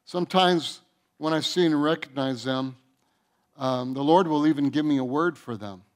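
A man preaching a sermon to his church as its pastor, earnest, with restarts and soft, quiet endings to his phrases. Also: a little high, moderate pace. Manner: earnest, with repeated restarts and soft drops in volume. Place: church sanctuary.

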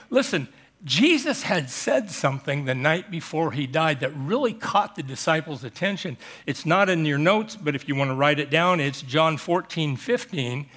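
An emphatic male pastor preaching to his congregation, explaining and pressing his points home. His voice sits somewhat high for a man. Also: a bit bright. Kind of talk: sermon.

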